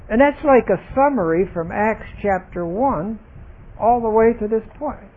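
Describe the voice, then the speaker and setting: A man leading a Bible study lesson, explaining grammar deliberately and stressing single words. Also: high-pitched, lively intonation, breathy edge. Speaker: Bible teacher. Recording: tinny phone-like recording.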